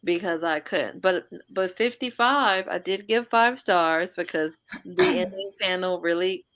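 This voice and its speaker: A woman on a live book discussion panel, talking in an animated, blunt way and swearing freely. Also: fairly low pitch, a little slow, no room sound.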